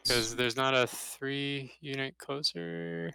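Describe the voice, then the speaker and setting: A man with a gravelly, bright voice talks through his turn at a tabletop wargame. His tone is clear and smooth as he counts dice aloud in an easy, casual way. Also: medium pitch, little pitch movement, takes it slowly, dry recording. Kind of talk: casual game talk, thinking aloud.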